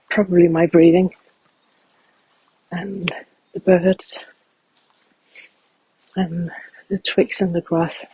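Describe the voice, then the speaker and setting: A man speaking softly and reflectively as he guides a walking meditation outdoors in a field. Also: high voice, breathy edge, no room sound, low-quality recording. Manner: calm, reflective, soft-spoken.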